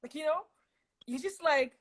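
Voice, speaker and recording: A woman speaks as a guest over a video call, her voice a little higher than most. She talks in an animated, emphatic way and repeats her points for effect. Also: moderate pace, poor audio. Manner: animated, laughing, emphatic repetition. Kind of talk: casual chat on a video call.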